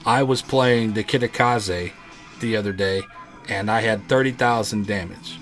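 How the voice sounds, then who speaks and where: A man hosting a live gaming podcast, telling stories in a rambling, animated way with many restarts. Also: on the low side, measured pace, faint music behind. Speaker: podcast host.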